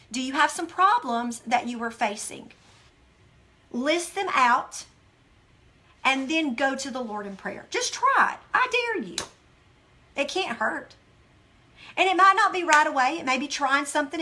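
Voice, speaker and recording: A woman's voice: sits high, pushed and bright. A woman hosting a devotional study, speaking earnestly and emphatically to viewers and reading scripture aloud.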